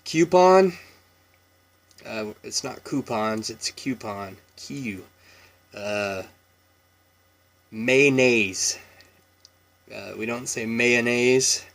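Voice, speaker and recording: With vocal fry, a slow pace and long pauses, a medium-pitched man in his thirties talks through an accent tag. He's from Washington State, has its accent, and rambles easily with lots of ums and small laughs.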